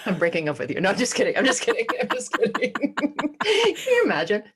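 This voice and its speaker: A woman's voice: mid-range voice, expressive, fast talker, breathy edge. A woman co-hosting a podcast in casual chat, joking and laughing often as she talks. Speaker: podcast co-host.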